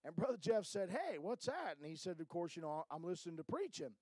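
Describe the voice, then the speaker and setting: A man's voice: high-pitched, sing-song, brisk, mellow, slightly rough, no room sound, rough recording. A middle-aged man, a missionary church planter, giving a folksy, informal report to a church and often tagging his lines with "amen?".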